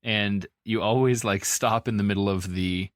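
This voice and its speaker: A man's voice: on the low side, steady tone, moderate pace, dry recording, clean studio sound. A man co-hosting a podcast, talking in a rambling, easygoing way with many fillers. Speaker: podcast co-host. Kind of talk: casual chat.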